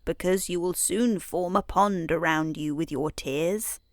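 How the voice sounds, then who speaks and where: Woman reading as a fretful talking frog from a storybook, coaxing, slow and soft, dry. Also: on the low side, dry recording. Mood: fussy.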